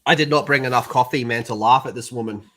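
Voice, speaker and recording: A man's voice: medium pitch, quick pace, pushed and bright. A young man streaming, chatting and ranting in a casual, profane way.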